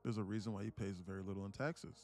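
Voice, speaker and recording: A man talking to his live-stream audience in a rambling, excitable way, repeating himself and swearing. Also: fairly low pitch, fast talker, soft background music. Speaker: day trading streamer. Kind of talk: casual live-stream commentary.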